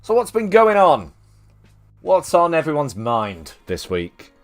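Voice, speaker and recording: A man with a Mancunian accent hosting a casual live-stream chat, jokey and quick to laugh. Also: on the high side, huge pitch swings. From Manchester, England. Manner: jokey, chatty, laughs easily. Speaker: streamer host. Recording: faint music underneath.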